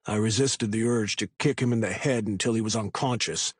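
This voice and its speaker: Low husky male audiobook narrator. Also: steady tone, fairly quick, hardly any pauses, dry recording, clean studio sound. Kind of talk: scripted first-person narration.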